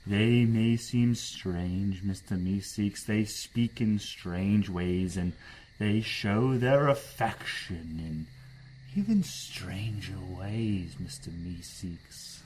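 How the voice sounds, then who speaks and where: A man speaking in character at a tabletop game, his voice low and unhurried. He talks gravely, as if making a solemn farewell. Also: a little mellow, a little hiss or hum, poor audio. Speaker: player. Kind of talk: role-playing in character.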